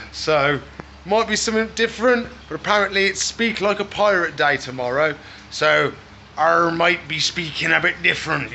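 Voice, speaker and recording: Bright-voiced chatty man feeding pets. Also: fairly high pitch, a little hiss or hum. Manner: chatty, coos affectionately at animals. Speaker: exotic pet keeper and channel host. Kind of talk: casual vlog narration while feeding animals.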